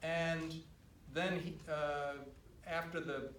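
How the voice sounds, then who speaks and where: An older man, a writer-director on a film panel, recounting production stories in a measured, dry way at a screening Q&A. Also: fairly high pitch, little pitch movement, a bit bright, a little hiss or hum. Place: cinema auditorium. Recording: roomy, distant from the mic.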